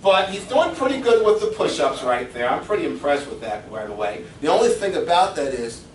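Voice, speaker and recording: A middle-aged man, a fitness coach, telling personal stories in a seminar talk with animated delivery and frequent chuckles. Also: fairly high pitch, a little fast, slight background noise. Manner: animated storyteller, chuckles often. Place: seminar room. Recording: echoey room from far off.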